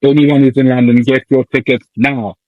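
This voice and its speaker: A man co-hosting a podcast, in casual chat, ranting in an animated, jokey way and swearing now and then. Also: mid-range voice, moderate pace, no echo, phone-quality sound. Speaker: podcast co-host.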